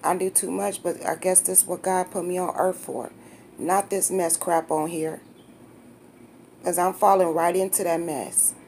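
A woman in her fifties vlogs to her viewers in a blunt, slangy, heartfelt way, turning emotional as she talks. Her voice sits a bit low, with faint room noise behind her. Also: fairly even intonation, a little slow, darkish tone. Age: 50s. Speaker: vlogger. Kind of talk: emotional casual vlog talk.

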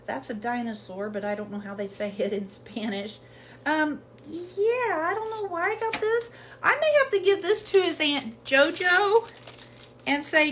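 A woman's voice: very high voice, unhurried, slight background noise. A woman chatting casually through a home haul video, rambling with lots of fillers, in her kitchen at home. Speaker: haul vlogger. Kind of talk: casual product haul chat.

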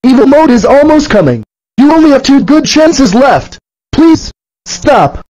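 Barney, a squeaky scolding dinosaur voiced by a man. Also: animated, normal speed, darkish tone. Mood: furious. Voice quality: very high-pitched. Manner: scolding, threatening, repeating rules. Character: bossy scolding purple dinosaur, male. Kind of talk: fan cartoon voice acting. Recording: dull lo-fi audio.

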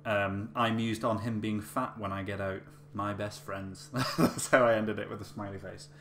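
Rambling male vlogger, low voice, roomy echo, casual storytelling. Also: steady tone, moderate pace, a bit bright. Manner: chatty, rambling with many fillers and restarts. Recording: echoey room with faint hum.

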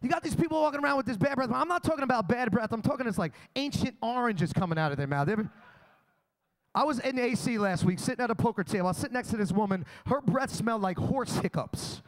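A young man, his voice pitched unusually high, working a comedy club crowd. He tells crude, boastful stories in a brash, swaggering way. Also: animated, quick pace. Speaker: stand-up comedian. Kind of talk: live stand-up comedy set.

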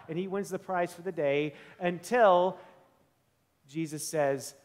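A male pastor preaching a sermon in a church, with animated, conversational storytelling. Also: high-pitched, moderate pace, long reverb tail.

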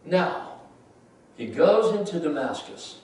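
A male pastor preaching in a high voice, telling the story dramatically and shifting between loud and hushed delivery. The sound is heavily echoey, caught from far across a big church hall. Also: big pitch swings, takes it slowly. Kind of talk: sermon.

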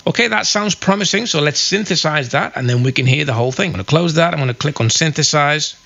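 A man hosting a casual software review, explaining things in a chatty walkthrough. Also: a little high, lively intonation, quick pace, vocal fry, highs cut off.

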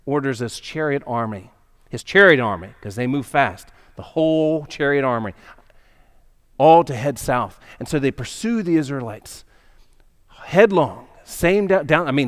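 A male pastor retelling a story in a church, conversational and animated, often checking in with listeners. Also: mid-range voice. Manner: conversational, animated, asks the congregation "right?". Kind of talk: storytelling sermon. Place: church sanctuary.

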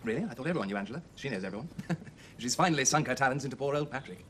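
An actor playing a charming, teasing gentleman with a jovial, theatrical manner in a 1970s period drama. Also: medium pitch, animated, racing, natural voice. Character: charming upper-class Edwardian gentleman. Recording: hissy old TV soundtrack.

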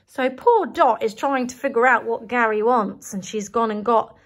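A woman teacher reading a picture book aloud to young children, animated and enthusiastic, often gasping in delight. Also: fairly high pitch, moderate pace.

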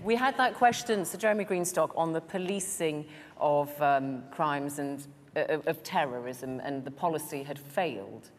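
A woman chairing a panel debate in a large hall, brisk and interrupting to press panelists for answers. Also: deep voice. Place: large concert hall with audience. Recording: long hall reverb, audience noise.

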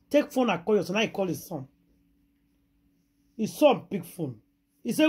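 A woman's voice: medium pitch, sing-song, moderate pace, long pauses, mellow, husky. A woman with a Nigerian accent, hosting a gossip channel and retelling a story dramatically in Pidgin, with repeated exclamations.

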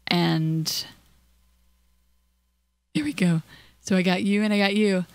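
Young woman host of a gaming video, mid pitch, chatty and hyper, giggly, close and dry on the mic. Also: fairly even intonation, takes it slowly, smooth, no echo. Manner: chatty and giggly, coos in a high voice at in-game creatures; hyper and scattered. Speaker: let's play host. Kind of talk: casual gameplay commentary.

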